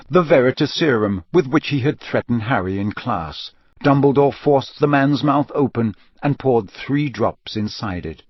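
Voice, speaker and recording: A man narrating a fantasy novel in an even, steady audiobook reading. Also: mid-range voice, dry recording, muffled recording.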